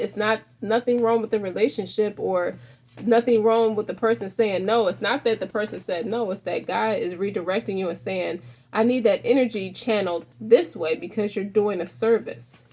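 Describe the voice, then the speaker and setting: A woman's voice: mid-range voice, a little mellow, breathy edge. Rambling woman giving a tarot reading. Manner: rambling, frequent restarts, addresses viewer directly. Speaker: tarot reader.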